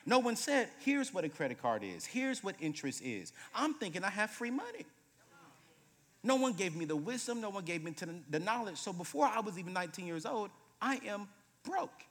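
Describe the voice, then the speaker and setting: A man in his late thirties, a guest preacher telling humorous stories in a sermon, moving between loud bursts and hushed moments. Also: sits high, sing-song, fairly quick. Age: 30s. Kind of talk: sermon with storytelling. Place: church sanctuary. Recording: reverberant church hall.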